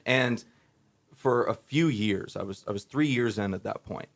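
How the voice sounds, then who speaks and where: A man talking as a musician guest in a casual interview, telling animated stories and acting out quoted dialogue. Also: fairly low pitch, moderate pace.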